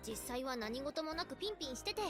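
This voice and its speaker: High-pitched frightened teen girl, quick shrill protests, game voice acting, loud music behind. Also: lively intonation. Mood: teasing. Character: jumpy loud teenage girl, easily scared.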